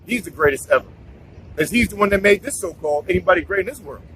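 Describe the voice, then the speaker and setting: A man's voice: high voice, expressive, fast, fairly bright tone, slight background noise, poor audio. A man giving a casual scripture talk, preachy, repeating himself and restarting his sentences. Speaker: bible teacher.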